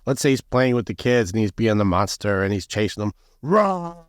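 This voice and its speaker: A man coaching on masculinity in a podcast conversation, animated and blunt, acting out quoted voices. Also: fairly low pitch, fast, dry recording. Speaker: guest, men's coach.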